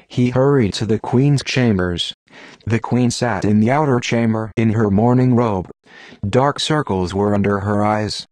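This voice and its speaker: A man reading an audiobook in a steady, measured narration. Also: medium pitch, dry recording.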